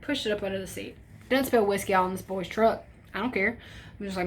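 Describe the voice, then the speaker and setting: A young woman telling a story in a casual vlog, animated and profane, acting out quotes with shifts in voice. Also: medium pitch, rapid-fire. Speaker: storytime vlogger.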